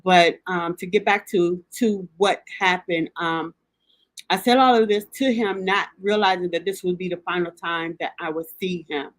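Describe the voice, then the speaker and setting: A middle-aged woman, hosting a grief recovery podcast. She speaks in a heartfelt, halting way, with many pauses and restarts, and sounds close to tears at times. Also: lowish voice, no room sound. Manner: halting, with frequent ums and restarts; emotional, near tears at times. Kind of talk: heartfelt personal address.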